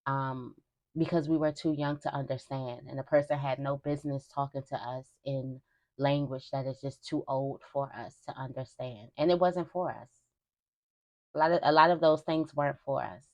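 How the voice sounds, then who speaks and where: A woman's voice: extremely low pitch, moderate pace, darkish tone. A young woman giving a spiritual reading to her viewers in a casual, emphatic way, repeating phrases as she talks. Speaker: tarot reader.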